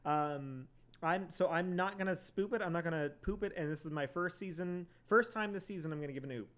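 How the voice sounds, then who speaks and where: A man co-hosting a casual podcast, chatting in an animated, gossipy way with lots of filler words. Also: a little high, brisk. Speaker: co-host.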